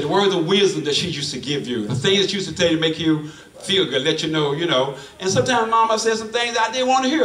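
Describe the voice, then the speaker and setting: A man's voice: on the high side, a bit bright, recorded from a distance. A middle-aged man preaching a sermon in a church, folksy and repetitive, often restarting his phrases. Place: church sanctuary. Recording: echoey church room from afar.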